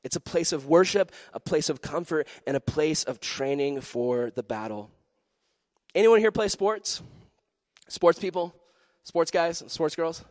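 Man, youth pastor, high voice, animated sermon delivery with acted voices. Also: a little slow, no room sound, studio quality. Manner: animated storytelling, acting out voices and shouts.

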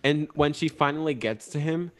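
A man's voice: fairly high pitch, moderate pace. A man co-hosting a casual podcast chat, recapping a film with teasing jabs. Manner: teasing, animated storyteller. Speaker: podcast co-host.

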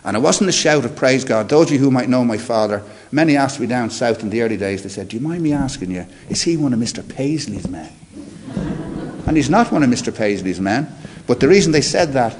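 Guy telling his testimony, lively, acts out all the voices, middle pitch. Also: slight background noise. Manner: animated, acts out dialogue in his story. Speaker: interview guest. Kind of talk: personal testimony storytelling.

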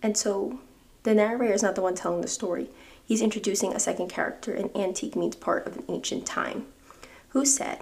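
A woman's voice: medium pitch, fairly even intonation, brisk, gravelly, a little mellow. A young woman hosting a podcast, chatty and enthusiastic as she talks about literature. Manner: chatty and enthusiastic, with laughs and fillers. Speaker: podcast host. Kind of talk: casual podcast talk.

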